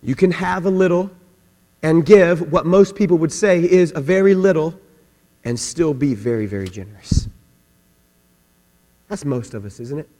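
A male pastor preaching a sermon, telling stories and swinging from quiet asides to loud, emphatic questions. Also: on the high side, normal speed, long pauses. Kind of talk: sermon with storytelling. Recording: long hall reverb with mains hum.

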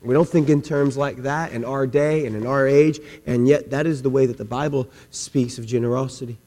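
A male pastor preaching a sermon, telling stories and swinging from quiet asides to loud, emphatic questions. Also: medium pitch, steady tone, fairly quick. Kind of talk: sermon with storytelling. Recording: long hall reverb with mains hum.

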